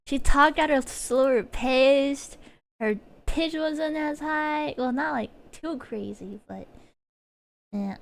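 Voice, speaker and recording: High-voiced woman rambling on stream. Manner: rambling, giggly, many fillers and restarts. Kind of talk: casual chat while streaming. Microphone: desk mic.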